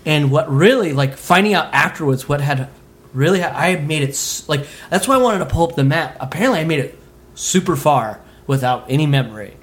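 A man from Utah telling a story on a comedy podcast, animated, laughing and swearing freely. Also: fairly high pitch, a little fast. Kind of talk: casual storytelling.

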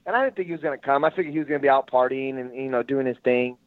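A man's voice: medium pitch, rapid-fire, no room sound. Man calling in on a tinny phone line. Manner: laughing, profane, animated retelling. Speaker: guest, jiu-jitsu gym owner. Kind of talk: casual storytelling over the phone. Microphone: phone call.

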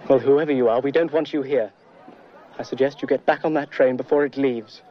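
A man's voice: medium pitch, fairly even intonation, a little fast, lightly acted. A brusque young British officer in a film, played by a man. He talks in a curt, dismissive way, and his voice comes through a muffled soundtrack.

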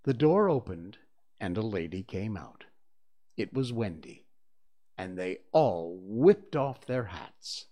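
A man reading a children's book aloud chapter by chapter, giving it expressive storybook narration. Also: fairly low pitch. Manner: unhurried and expressive. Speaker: reader of a serialized book.

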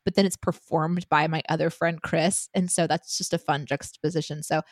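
Woman co-host, thirties, chatty and quick to laugh, slightly low voice, dry close sound. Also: steady tone, no echo. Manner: chatty, laughs often, many fillers. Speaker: podcast co-host, writer. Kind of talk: casual chat.

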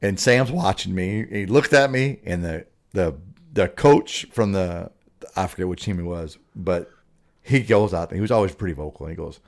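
A man telling a casual story about officiating baseball, relaxed and often adding "right?". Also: sits low, moderate pace, vocal fry. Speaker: podcast co-host and sports official.

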